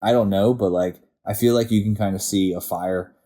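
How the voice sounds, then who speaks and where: Brief: low-voiced young male co-host, dark mellow tone, laid-back and profane. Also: fairly even intonation, normal speed. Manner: laid-back, short agreeing replies, profane asides. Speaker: podcast co-host. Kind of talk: casual TV episode discussion.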